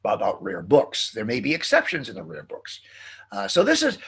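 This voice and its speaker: A middle-aged man giving a philosophy lecture, animated and full of fillers and restarts. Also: medium pitch, moderate pace, slightly rough. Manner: acts out quoted jokes in a playful sing-song. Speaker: philosophy professor. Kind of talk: recorded lecture.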